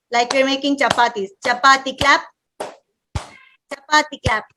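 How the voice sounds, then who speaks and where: A woman in her thirties with an Indian English accent, leading a live parent workshop and calling out clapping games in quick drills. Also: high-pitched, a little hiss or hum. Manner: lively, calls out commands in rapid drills. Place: room with a live audience.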